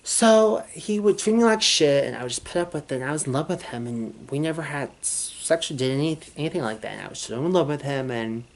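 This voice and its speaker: Young woman from Texas with a low voice, vlogging a rambling storytime full of restarts and swearing. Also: expressive, fairly quick, hardly any pauses. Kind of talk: casual storytime.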